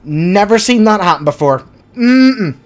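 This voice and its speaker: A man's voice: sits high, animated, a little slow. A man streaming a game and commenting casually, crude and joking, with frequent silly voices.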